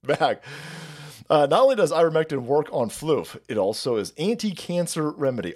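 A man's voice: fairly high pitch, sing-song. Profane, sarcastic male streamer. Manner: mocks people by putting on quick voices. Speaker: livestream host. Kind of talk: ranting livestream commentary.

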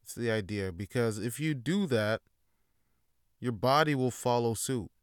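A man's voice: mid-range voice, lively intonation, a little slow, clear, resonant tone, no room sound, clean studio sound. A man hosting a solo podcast, talking in a rambling, laid-back way with a lot of swearing. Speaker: podcast host. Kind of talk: casual solo monologue.

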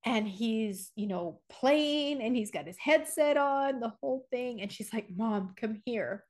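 A fairly high-voiced woman in her forties, chatting on a podcast. She tells her stories with lots of animation and laughter. She often jumps into a loud, playful shout to act out a scare. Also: animated, unhurried. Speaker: podcast co-host. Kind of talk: casual chat.

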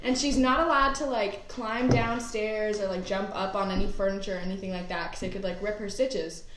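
A woman's voice: mid-range voice, fairly even intonation, a little fast, roomy sound, background noise. A teenage girl chatting casually as a guest, with frequent filler words. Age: teens. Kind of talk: casual chat.

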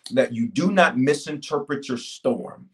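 A middle-aged man preaching and praying on a livestream, calling out to his audience with bursts of shouting and quiet asides. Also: mid-range voice, measured pace, slight background noise. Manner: energetic, call-and-response, shifts from shouting to quiet. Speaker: pastor. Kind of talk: livestreamed sermon and prayer.

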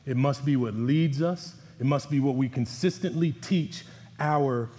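A male pastor with a mid-range voice and dark tone delivers an earnest, unhurried, conversational sermon in a church sanctuary. He exhorts his listeners, slips in conversational asides, and the hall adds reverb.

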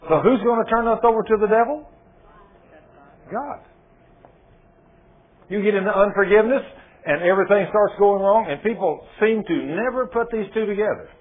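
A man preaching with a lively, swooping delivery, his pitch sitting a touch high. He keeps throwing rhetorical questions and acts out the dialogue of the story he retells. His slightly husky voice comes through a thin, phone-like radio broadcast. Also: moderate pace, pauses often. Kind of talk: sermon.

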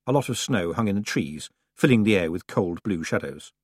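Lively husky male audiobook narrator. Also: low voice, brisk, no room sound, clean studio sound. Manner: expressive, playful storytelling.

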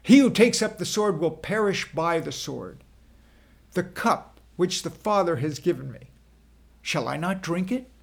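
A man voicing Jesus as a solemn, calm teacher, speaking in a slow, measured, grave way with a husky, gravelly voice. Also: high voice, full character voice. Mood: stern.

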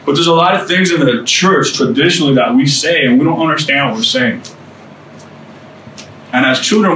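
A man from the United States preaches his testimony to a small group with a bright, forceful, medium-pitched voice, staying earnest and conversational and adding casual asides. The sound is roomy, picked up by a distant mic over faint room noise.

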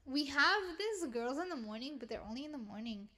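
A woman's voice: high-pitched, lively intonation, a little fast, pushed and bright. A young woman with a thick Mexican Spanish accent, a retail worker rambling and swearing in casual chat. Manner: rambling, swearing, self-deprecating.

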